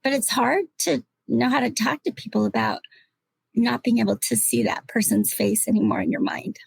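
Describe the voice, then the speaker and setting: Husky gravelly woman, middle-aged, thoughtful panel chat, dry close sound. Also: a little high, no echo, low-quality recording. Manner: reflective, halting, at times emotional. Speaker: podcast panel guest. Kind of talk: casual chat.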